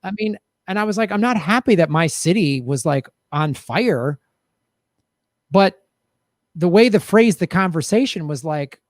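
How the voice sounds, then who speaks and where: A man chatting casually on a podcast, telling a story in an animated way and acting out what others said. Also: high voice, measured pace, no echo, studio quality.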